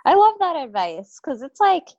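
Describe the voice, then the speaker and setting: A woman hosting a podcast interview, responding in a warm, affirming and encouraging way. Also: high-pitched, sing-song, moderate pace, no room sound, highs cut off. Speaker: podcast host.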